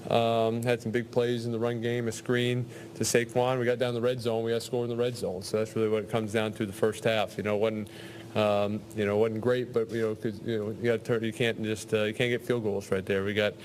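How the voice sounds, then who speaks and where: A man, a football player, answering press conference questions in a halting way with lots of fillers. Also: fairly low pitch, flat delivery, slight background noise.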